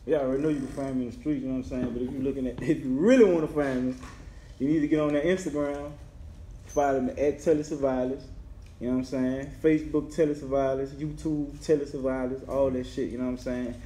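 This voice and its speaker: A man's voice: medium pitch, fairly even intonation, quick pace, warm tone, a little hiss or hum. A man, a rapper guest talking in emphatic street slang. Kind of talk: casual chat. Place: indoor room on camera. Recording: roomy echo.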